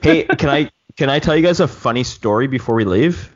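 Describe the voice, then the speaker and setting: A man telling a long story in casual chat with friends, rambling and animated with many restarts. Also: medium pitch, a little fast, lo-fi sound. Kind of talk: casual chat among drone pilots.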